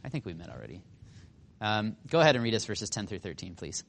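A man teaching a Bible study in a casual, animated way, acting out quotes and asking the class questions. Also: on the low side, fast talker, creaky, slight background noise. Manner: animated, acts out quotes, asks the room questions.

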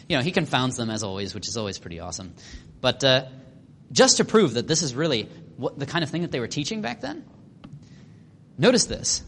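A man preaching a sermon in a casual, animated way, acting out quotes with sarcasm and lots of fillers. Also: mid-range voice, a little hiss or hum.

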